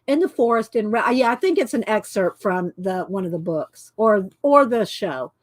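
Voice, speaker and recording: A woman's voice: medium pitch, expressive, moderate pace, no room sound. A woman, chatting casually on a livestream and reading cards aloud, stumbling over names as she goes. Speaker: channel host.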